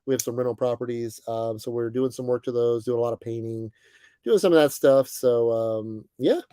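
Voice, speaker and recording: A young man hosting a casual livestream, greeting viewers by name and chatting in a relaxed, friendly way with plenty of fillers. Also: mid-range voice, moderate pace, clean tone, dry recording. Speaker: livestream host. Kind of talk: casual chat reading viewer comments. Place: bus, indoors.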